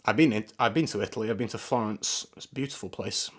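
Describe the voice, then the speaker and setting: A man's voice: lowish voice, fast. A man giving casual, rambling first impressions of fragrances on a live stream, often searching for words. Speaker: fragrance reviewer.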